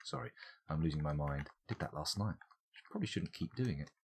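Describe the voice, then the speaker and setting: A man's voice: a bass voice, lively intonation, fairly quick, vocal fry, breathy edge. A man, chatting and joking casually while streaming a game. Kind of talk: casual let's-play commentary.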